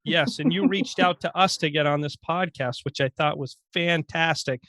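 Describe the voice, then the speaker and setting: A man's voice: fairly high pitch, normal speed, fairly bright tone. Joking middle-aged man co-hosting. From Vermont. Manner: joking, teasing, upbeat. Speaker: podcast co-host. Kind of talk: casual podcast banter.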